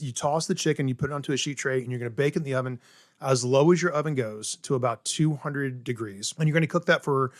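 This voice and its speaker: Middle-aged man, chef from South Carolina, eager explainer, casual interview talk, mid-pitched voice, dry close mic. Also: dry recording. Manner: enthusiastic, explains step by step with many "right?" tags. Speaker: chef guest.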